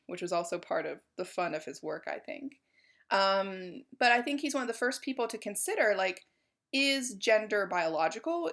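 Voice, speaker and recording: A woman's voice: mid-range voice, a bit bright. A woman giving a college art history lecture in a chatty, informal way, with many fillers.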